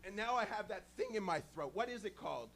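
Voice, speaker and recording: A man doing a crude, rambling stand-up set, joking about being high. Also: animated, fast talker, fairly bright tone, slight background noise. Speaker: stand-up comedian. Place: small club stage with a live audience.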